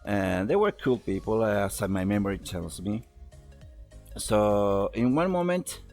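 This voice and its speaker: A man's voice: lowish voice, very animated, a little slow, darkish tone, soft background music. A young man telling a personal story on a voice call, rambling, swearing and laughing at himself. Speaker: podcast host telling a story. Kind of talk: casual storytelling over a voice call.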